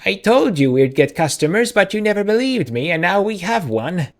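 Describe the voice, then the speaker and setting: A man's voice: sits high, sing-song, normal speed, pitched above the performer's own voice. A man voicing a small, bossy old woman shopkeeper who nags her husband in a braying voice, in a video game read-aloud. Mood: scolding. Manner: nagging, bossy.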